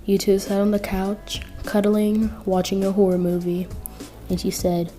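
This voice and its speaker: A young woman reads a listener story in a casual, chatty way, full of fillers. Her voice is mellow and unhurried in tone. Soft music plays faintly underneath. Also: lowish voice, level tone. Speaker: fanfic narrator and channel host. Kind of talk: reading a fanfic-style listener story.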